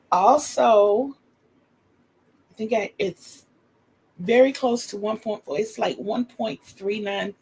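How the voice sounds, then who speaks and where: Gravelly Southern older woman, slow. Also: mid-range voice, darkish tone, poor audio. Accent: Southern US, North Carolina. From North Carolina. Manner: chatty, homey, folksy. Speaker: craft livestream host. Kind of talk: casual livestream chat.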